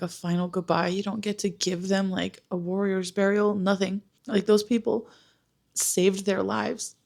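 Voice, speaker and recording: A woman's voice: mid-range voice, darkish tone. A young woman vlogging about a book she is reading, talking in an emotional, exasperated way with many fillers, close to tears. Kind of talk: casual talking-head vlog update.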